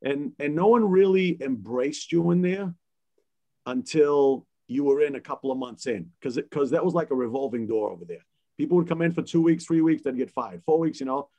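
A man from the Boston area who spins stories on a podcast panel. He is animated, laughs often and acts out the voices of people in his anecdotes, with an easy, conversational flow. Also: a little high, brisk. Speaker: guest DJ. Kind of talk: casual storytelling on a panel.

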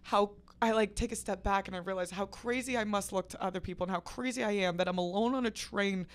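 A woman's voice: medium pitch, fast. A woman hosting a podcast who tells a wild story in casual chat, acting out quotes and swearing freely. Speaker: podcast host.

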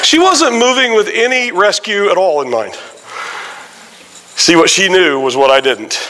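A man preaching a sermon in a church, his voice pitched a little high for a man. His delivery is forceful and bright. He tells stories in an animated way, with frequent exclamations. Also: low-quality recording. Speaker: guest pastor. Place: church sanctuary.

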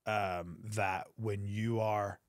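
Man telling a lively story. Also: no room sound, studio quality. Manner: animated storyteller, quick bursts of pitch. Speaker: wrestler guest. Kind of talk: storytelling interview.

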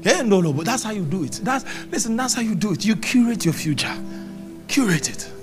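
A man's voice: sits high, big pitch swings, a little fast, music in the background. A middle-aged man preaching a sermon at a church service, emphatic and repetitive, quoting scripture. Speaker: pastor.

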